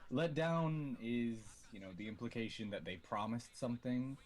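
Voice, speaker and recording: A young man co-hosts a casual late-night gaming chat. His voice is mid-pitched, and he hesitates, turning wordy when he explains something. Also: expressive, moderate pace. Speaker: podcast co-host.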